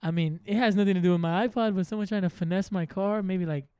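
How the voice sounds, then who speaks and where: High-voiced young man telling a profane story. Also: quick pace, clean tone, dry recording, clean studio sound. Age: early 20s. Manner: profane, animated storytelling with acted-out quotes. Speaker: podcast co-host. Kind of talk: casual podcast chat.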